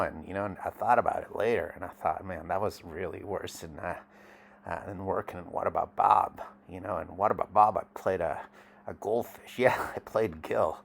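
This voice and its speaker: A washed-up male jackalope actor, played by a man, rambles through a mock documentary interview and keeps losing his train of thought. His voice sits low and rough with a gravelly fry. He talks loosely and wanders off on tangents. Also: slight background noise. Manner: rambling, loopy, easily sidetracked.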